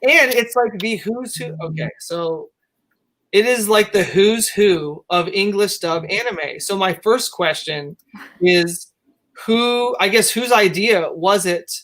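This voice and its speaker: A woman hosting a casual interview who asks questions in halting, self-interrupting bursts. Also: medium pitch, a bit bright. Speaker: interview host.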